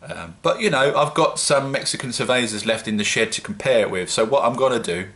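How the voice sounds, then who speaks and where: A man's voice: medium pitch, brisk, a bit bright. A man with a British accent, chatting casually and rambling a little in a self-mocking home-brewing vlog. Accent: British English.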